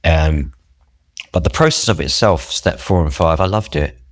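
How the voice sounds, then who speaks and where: Deep-voiced guy rambling through his recovery story, earnest and reflective, dry close sound. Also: normal speed, no room sound. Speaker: podcast guest.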